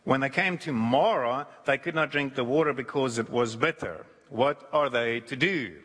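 A man preaching a sermon who acts out quoted voices, shifting his pitch and pace. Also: moderate pace, a bit bright, husky. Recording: long hall reverb.

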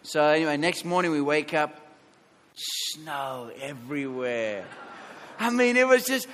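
A man preaching a sermon as pastor, telling stories in an animated way and acting out what people said. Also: sits high, moderate pace, creaky, slight background noise. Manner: animated storytelling, acts out quotes. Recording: long hall reverb.

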